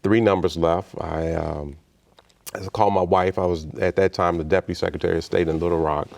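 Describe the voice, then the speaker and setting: A man's voice: low voice, a little fast, creaky. A man in his sixties from Chicago, a guest in an interview telling a personal story with energy and acting out the other people in it. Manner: animated storyteller who acts out the voices in his story. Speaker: interview guest, state official.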